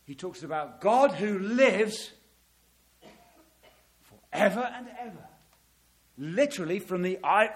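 A middle-aged man preaching a sermon, dramatic, swelling loud on key words and dropping to a hush. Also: high-pitched, animated, slow pace, pauses often.

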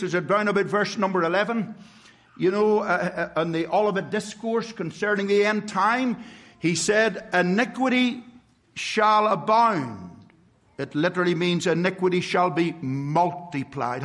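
A man preaching a sermon to a congregation, stressing words slowly and asking rhetorical questions. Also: sits high, fairly bright tone. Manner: emphatic, with slow drawn-out stresses and rhetorical questions.

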